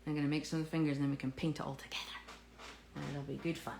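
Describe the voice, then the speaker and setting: A woman with a lower voice runs a live cake tutorial, chatting and joking at her own expense as she works. Her voice rings in a roomy studio with faint ambience in the background. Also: little pitch movement, rapid-fire, darkish tone, slight background noise. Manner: jokey, self-mocking, chatty. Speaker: cake decorating instructor. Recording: echoey room with faint ambience.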